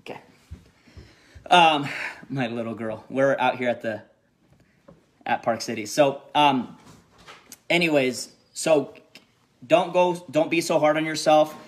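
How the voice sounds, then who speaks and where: A man giving a casual motivational live talk to his team, energetic and repetitive, checking in with "okay?" after every point. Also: medium pitch, slow pace, long pauses. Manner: energetic, repeats himself, peppers lines with "okay?". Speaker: network marketing team leader. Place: resort room by a heated pool on a snowy day.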